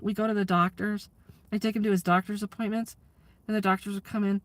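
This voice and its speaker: A woman's voice: mid-range voice, flat delivery, brisk, no echo. A woman chatting candidly to her live audience, laughing often and swearing freely. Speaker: livestreamer and community aid organizer. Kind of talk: casual chat to a live audience.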